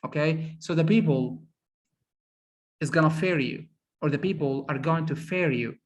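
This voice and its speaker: A man's voice: on the high side, normal speed. A man teaching an English conversation class, speaking emphatically, repeating words and saying "of course" often. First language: Arabic. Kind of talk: classroom discussion.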